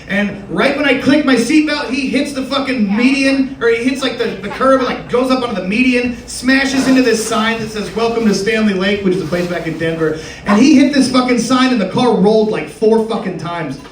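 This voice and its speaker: Young guy doing stand-up, kinda high voice, roomy club sound, mic a bit far off, swears a lot and rambles. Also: fairly quick, a little hiss or hum. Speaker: stand-up comedian. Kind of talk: stand-up comedy set. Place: live comedy club stage with audience. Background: audience laughter.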